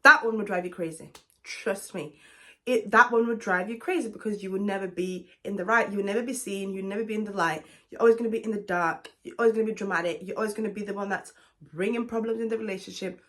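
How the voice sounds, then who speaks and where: A woman's voice: mid-range voice, quick pace, pushed and bright. A woman vlogger giving blunt, emphatic relationship advice to the camera, calling the listener honey. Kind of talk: direct advice talk to camera.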